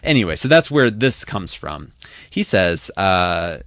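A man's voice: deep voice, sing-song, unhurried, fairly bright tone, no echo. A man co-hosting a casual podcast, rambling and dry, with lots of ums. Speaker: podcast co-host. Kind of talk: casual chat.

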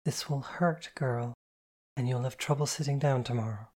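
Stern, tender woman giving quiet orders, read by a narrator. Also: close to an everyday voice. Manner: quiet, low, measured commands.

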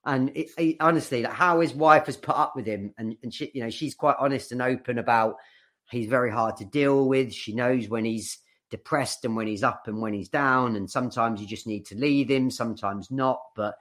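A young man chatting on a podcast in a mid-pitched voice. He rambles and swears, restarting his sentences often. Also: moderate pace, a bit bright. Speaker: podcast co-host. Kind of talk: casual chat.

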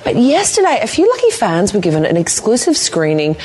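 A woman's voice: mid-range voice, wildly swooping pitch, brisk, a crowd in the background, rough recording. A woman presenting morning television, bantering and laughing easily.

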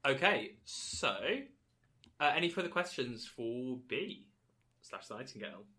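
Lively animated game master. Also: medium pitch. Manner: animated, encouraging, quick asides. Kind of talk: casual chat running a character session.

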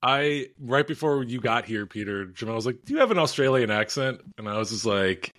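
A man's voice: medium pitch, very animated, a little fast, a bit bright. A man co-hosting a casual podcast, running the show's business in a loose, joking way. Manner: loose, joking, laughs through asides. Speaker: podcast co-host.

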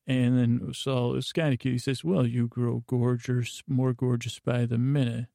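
A man's voice: medium pitch, little pitch movement, unhurried, creaky, mellow, dry recording, clean studio sound. A man hosting a bedtime podcast, retelling a story in a meandering, digressive way with many asides. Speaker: podcast host. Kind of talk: rambling bedtime podcast recap.

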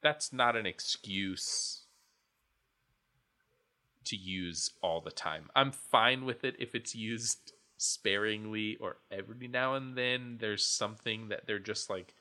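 Deep-voiced man in a bright, rambling chat. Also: slow. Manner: rambling, restarts thoughts often. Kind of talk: casual chat.

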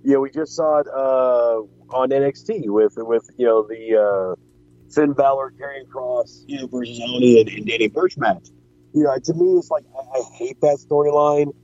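Laid-back man with a dull, mellow sound. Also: medium pitch, normal speed, no room sound. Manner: joking, rambling with restarts and giggles. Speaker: podcast co-host. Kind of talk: casual wrestling chat.

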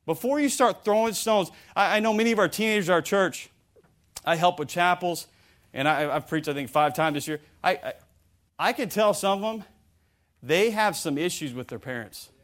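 A man preaching a sermon in an animated way, often stammering and restarting, and acting out the voices of the people he quotes. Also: sits high, normal speed.

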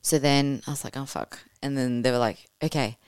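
A woman telling her birth story as a podcast guest, animated and casual, swearing freely and acting out what she said at the time. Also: very deep voice, a little fast, clean tone, no room sound, clean studio sound. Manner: animated, swears casually, acts out her own past words.

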